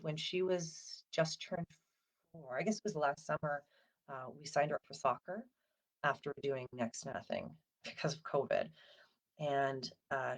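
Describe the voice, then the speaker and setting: A woman in her thirties, a counsellor, giving a casual, gentle talk to parents in a chatty way, full of "like" and "um". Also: low-pitched. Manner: conversational, with frequent fillers like "like" and "um".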